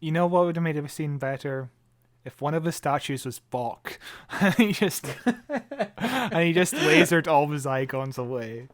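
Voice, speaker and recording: A man's voice: fairly high pitch, expressive, measured pace, dry recording. A man co-hosting a podcast in casual chat, wry and joking, laughing at his own asides. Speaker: podcast co-host.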